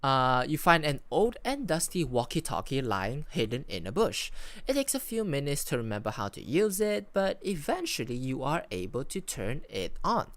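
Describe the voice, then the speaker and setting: Lively VTuber reading a story. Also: mid-range voice, dry recording. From Malaysia. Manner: storytelling, with rising and falling emphasis and small restarts. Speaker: VTuber host. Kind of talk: reading and playing an AI text adventure.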